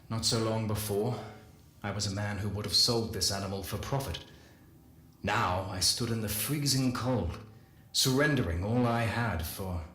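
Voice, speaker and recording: A man with a fairly low voice reads a first-person story in a slow, measured way and pauses between phrases. The recording is roomy, with a clear echo around him. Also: a bit bright. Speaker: lore reader. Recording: echoey room.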